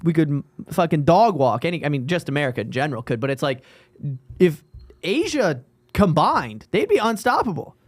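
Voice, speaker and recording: A man's voice: on the high side, big pitch swings, normal speed, no echo. Jokey man riffing on a podcast. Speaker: comedian, podcast co-host. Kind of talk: casual podcast chat.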